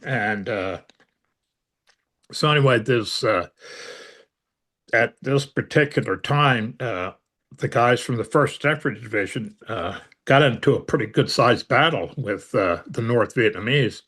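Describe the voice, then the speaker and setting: An older man, a veteran, recounts old memories in a storytelling interview, speaking at a measured pace in a slightly bright mid-range voice. He rambles with plenty of fillers and a dry sense of humor.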